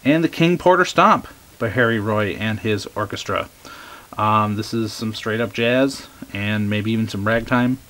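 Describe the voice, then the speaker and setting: A man chatting casually as he shows off his record finds, relaxed and eager, with many ums. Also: fairly low pitch, unhurried. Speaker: record collector showing finds. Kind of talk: casual show-and-tell vlog.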